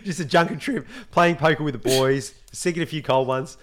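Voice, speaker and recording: A man with an Australian accent, co-hosting a podcast in casual chat, telling stories with lively swearing. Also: fairly high pitch, normal speed. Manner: animated storyteller, swears freely. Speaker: podcast co-host.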